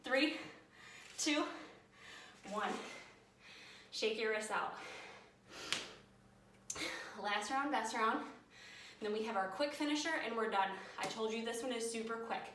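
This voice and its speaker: A woman's voice: a little high, normal speed, long pauses. Woman fitness coach huffing thru a workout, counting down, kinda far from the mic, noisy background. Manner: energetic, counting down and cueing moves while exercising. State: out of breath. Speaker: fitness instructor. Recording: echoey room, mic at a distance.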